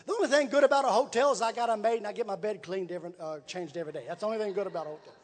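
In a large hall with long reverb, a man with a high-sitting voice preaches at a racing pace. He tells a folksy sermon story, leaning on repetition and building emphasis as he goes.

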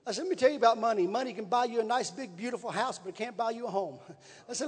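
A man's voice: very high-pitched, very fast, husky. A man preaching, telling a folksy story with repetition and building emphasis. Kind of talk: sermon storytelling. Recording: long reverb in a large hall.

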